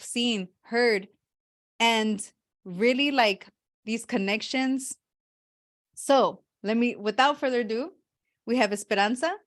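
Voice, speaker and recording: Brief: woman, age 30, summit host, chatty and rambling, slightly high voice. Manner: chatty, rambling, self-correcting. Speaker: summit host and life coach. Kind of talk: casual introduction on a video call.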